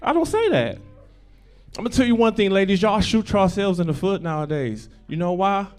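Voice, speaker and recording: High-voiced profane stand-up comedian. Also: male voice, brisk, smooth. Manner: profane, repetitive, swings from loud bursts to low mumbling. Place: comedy club stage. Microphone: handheld stage mic.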